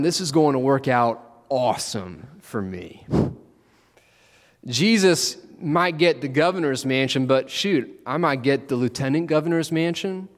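A man preaching a sermon, telling the story with animated, acted-out quotes. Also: mid-range voice. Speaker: pastor. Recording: long reverb of a large hall.

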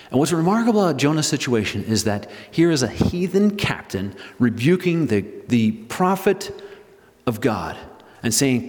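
Pastor type, mid-pitched man, emphatic sermon delivery with stretched-out key words, long hall echo. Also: big pitch swings, a little mellow. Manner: emphatic preaching, retelling scripture with rising and slowing stresses.

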